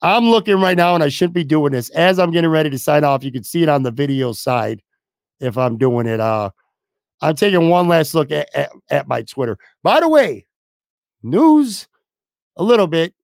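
Gravelly, hoarse sports podcast host. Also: male voice, on the high side, brisk, dry recording, clean studio sound. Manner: blunt, swearing, rambling. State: losing his voice. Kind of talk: casual sports talk.

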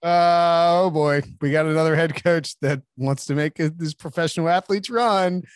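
A man's voice: a little high, moderate pace, smooth, no room sound. A man co-hosting a sports talk podcast with wry, jokey banter. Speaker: podcast co-host.

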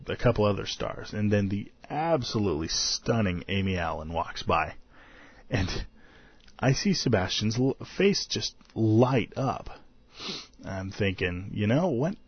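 A man's voice: fairly low pitch, slightly rough, no room sound, lo-fi sound. A tired man hosting a podcast, recapping a convention in a rambling, self-deprecating way and laughing often. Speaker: podcast host.

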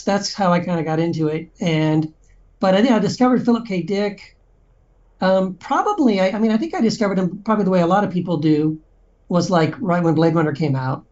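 Mellow-voiced man chatting as a guest. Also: on the high side, lo-fi sound. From Texas. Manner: friendly, rambling with many fillers. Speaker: podcast guest, author. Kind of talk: casual interview chat.

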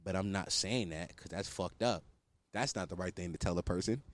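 A man's voice: low voice, fairly quick. A young man telling a story in casual, profane, self-mocking slang to his listeners.

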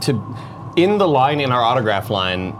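A male co-host with a mid-range voice, telling stories with lively energy. He sometimes drifts into put-on accents while he talks. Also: medium pitch, normal speed, a little hiss or hum. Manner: animated storytelling, slips into put-on accents. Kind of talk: casual chat.

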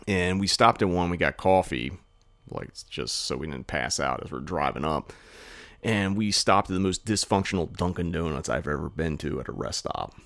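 A man's voice: sits low, expressive, normal speed, vocal fry, fairly bright tone, no echo. A man co-hosting a podcast, telling a rambling, profane anecdote in a casual chat full of "like" fillers. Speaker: podcast co-host.

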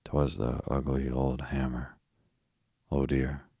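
A man reading the lines of an anxious, guilty little boy in an audiobook, with a very deep, husky, flat voice. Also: takes it slowly, no room sound, clean studio sound, heavily acted. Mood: pleading. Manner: reads his lines in his own low, even voice.

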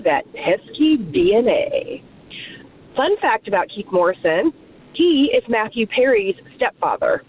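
A woman leaving a chatty voicemail message. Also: medium pitch. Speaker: caller. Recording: tinny phone line with background hum.

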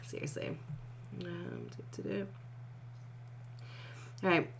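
A young woman with a lowish voice reads fan fiction aloud on a casual podcast. She breaks off often to laugh, comment and swear before picking the story back up. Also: normal speed, a bit bright. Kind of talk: casual reading and chat.

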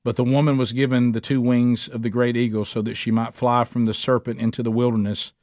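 A man teaching a men's Bible study, preaching emphatically, slowing down to stress points and speeding up when fired up. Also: medium pitch, level tone, a little mellow, no room sound, clean studio sound.

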